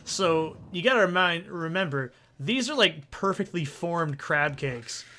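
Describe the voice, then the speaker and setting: Recording from a soundproofed home corner into a desk condenser mic with a pop filter, a young man hosts a let's play, rambling through a long, swear-heavy story while gaming in a casual commentary style. His slightly high voice is bright, forceful and animated, at a measured pace, with a little hiss or hum.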